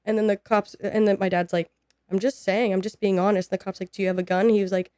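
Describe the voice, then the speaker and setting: A woman's voice: mid-range voice, fast talker, no room sound, studio quality. A woman in her twenties, a podcast guest, telling a personal story and acting out what people said. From United States. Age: 20s. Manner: animated, acts out quoted dialogue.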